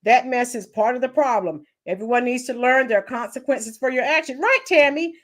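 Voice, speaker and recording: A woman's voice: on the high side, a little fast. A woman hosting a live commentary stream, giving opinions and greeting chat viewers by name. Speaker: livestream commentary host.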